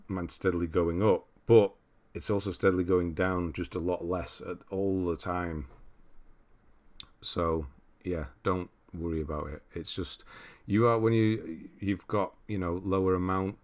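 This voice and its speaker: A man's voice: low voice, fairly even intonation, moderate pace. A man hosting a livestream, casually rambling as he reads out viewer comments and answers them. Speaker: livestream host.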